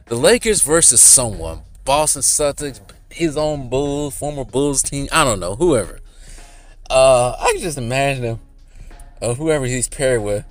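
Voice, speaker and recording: A man's voice: medium pitch, a bit bright. A man rambling casually in a commentary vlog, chatty and often laughing. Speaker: YouTuber.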